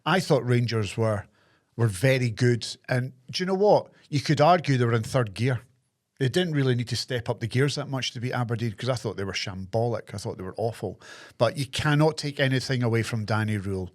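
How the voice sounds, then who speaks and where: A Scottish man chatting on a football podcast at an ordinary male pitch. He works his points out in rambling, repetitive stretches, casual and unscripted. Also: fairly quick. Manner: rambling, analytical, repeats words. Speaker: podcast co-host.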